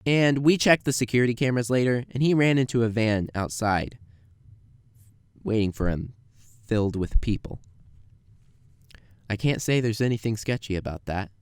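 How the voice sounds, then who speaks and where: A young man tells a funny workplace story, switching into quick voices for the customers he quotes. His voice is smooth and clear at a middling pitch. The recording is dry and close, with no room sound. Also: no echo. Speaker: animated storyteller. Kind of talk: comedic storytime narration.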